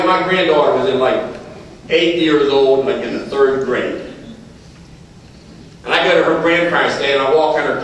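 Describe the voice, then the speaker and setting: Older man, plainspoken recovery-meeting storyteller, somewhat high pitch, recorded from the back of a big echoey hall with faint background noise. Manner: folksy, repeats phrases, chuckles through stories. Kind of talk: storytelling speaker's talk at a meeting. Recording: very echoey hall, heard from far off.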